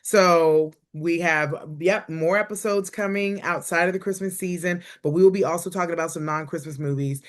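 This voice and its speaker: A woman's voice: on the low side, moderate pace, few pauses. A woman hosting a comedy review show in a loose, chatty way. She rambles playfully and jokes with her guest. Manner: chatty, playful, self-promoting. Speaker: host. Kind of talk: casual chat.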